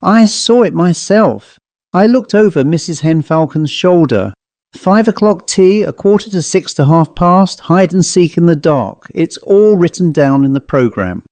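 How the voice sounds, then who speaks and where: A man's voice: a little high, lively intonation, a little slow, a little mellow, no room sound, pitched above the performer's own voice. A man voicing a scornful young girl who insists in a know-it-all way. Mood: insistent.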